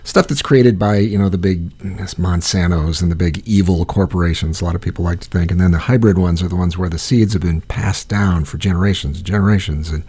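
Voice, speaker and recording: A man's voice: low-pitched, steady tone, fairly quick, hardly any pauses, a little mellow, slightly rough. A man from Iowa co-hosting a casual chat, rambling and profane, telling stories with frequent restarts.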